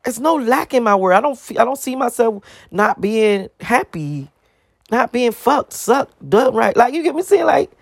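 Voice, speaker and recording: A woman's voice: a little high, very animated, normal speed, creaky, slightly rough, dry recording, clean studio sound. Profane ranting woman vlogger. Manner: emphatic, profane, piles up rhetorical questions. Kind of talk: ranting monologue to camera.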